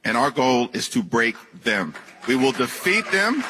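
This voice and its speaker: A man's voice: mid-range voice, lively intonation, brisk, sharp tone, husky. A man, a politician, giving a firm, declarative public speech. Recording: echoey hall clip with a crowd behind.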